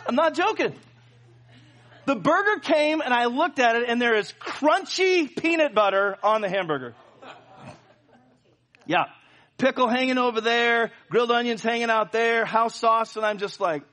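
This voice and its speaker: A middle-aged male pastor preaching a sermon, telling a story with animated, jokey asides to the congregation. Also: extremely high pitch, moderate pace. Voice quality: plenty of filler and restarts, jokey.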